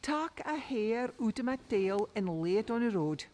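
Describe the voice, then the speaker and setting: A woman's voice: on the high side, lively intonation, moderate pace, a little mellow, lightly acted. Woman voicing a wise magical cow with a Doric lilt. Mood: chanting. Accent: Doric Scots. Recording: long reverb.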